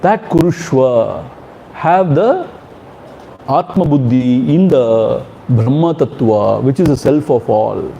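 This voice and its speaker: Gentle man teaching scripture. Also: medium pitch, expressive, gravelly, slight background noise, poor audio. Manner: chants Sanskrit verses slowly, then explains them gently. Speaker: spiritual teacher. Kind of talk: scripture commentary talk.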